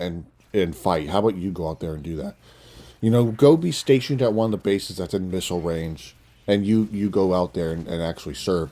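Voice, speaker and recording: A man's voice: on the low side, darkish tone. A young man ranting casually and bluntly into his phone, swearing often and making mocking asides. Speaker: commentator. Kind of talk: casual political rant.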